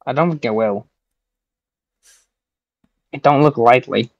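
A man's voice: medium pitch, a little slow, vocal fry, no room sound, dull audio. A young man playing an online football game against his friend, teasing him in a dry, sarcastic way. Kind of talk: casual gaming banter.

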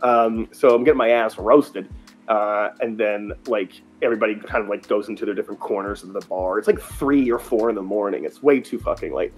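A man's voice: fairly low pitch, fairly quick, faint music behind. A young man, a guest on a talk show, telling stories in a rambling, casual way with lots of fillers. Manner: rambling, filler-heavy, animated retelling. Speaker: interview guest, folk singer. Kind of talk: casual storytelling.

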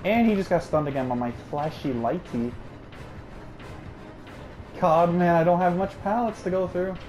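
A man commentating his game with a friend, swearing a lot and swinging between low mumbling and high yells. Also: normal speed, faint music behind. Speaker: gamer streaming with a friend. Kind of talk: excited gaming commentary with swearing.

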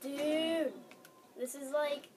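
A woman chatting casually while playing a video game with a friend, excitable and quick to exclaim. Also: high voice, recorded from a distance, very noisy. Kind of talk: casual let's-play chat.

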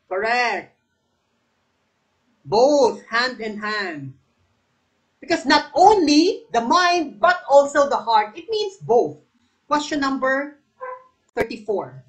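High slow-talking Filipino woman teacher. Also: poor audio. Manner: quizzing, repeats questions, calls on viewers by name; switches between English and Tagalog. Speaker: exam review teacher. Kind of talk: live online exam coaching.

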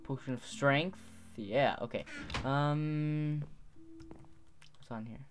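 A man's voice: medium pitch, slow, soft background music. A teenage boy giving gameplay commentary, rambling, muttering to himself and correcting his words. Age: teens. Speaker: gaming video host.

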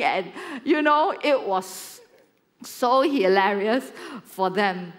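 Malaysian woman pastor, 40s, slightly high and very expressive; storytelling sermon delivery. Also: very slow. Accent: Malaysian English. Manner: animated storytelling with acted-out quotes.

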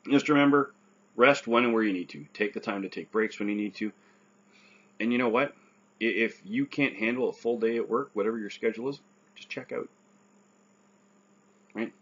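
A man's voice: on the low side, moderate pace, pauses often, a bit bright, breathy edge, dull audio. A man who survived a stroke gives earnest, casual advice, often checking in with "right?".

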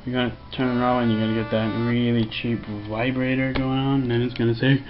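A man's voice: mid-range voice, flat delivery, fairly quick, hardly any pauses. A man walking through a casual tech tutorial, rambling and joking, sometimes putting on mock voices for what the computer says. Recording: dull lo-fi home recording with faint music.

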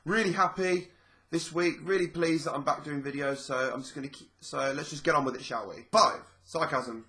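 Chatty, rambling man with a higher voice. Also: brisk, pushed and bright. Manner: chatty and rambling, repeats phrases, acts out quoted speech. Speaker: vlogger. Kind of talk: casual explanatory vlog.

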